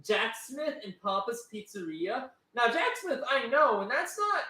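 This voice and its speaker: A man's voice: very high-pitched, big pitch swings, unhurried, bright, forceful tone, echoey room. A man co-hosting a casual livestream, rambling and telling stories to the chat. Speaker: co-host.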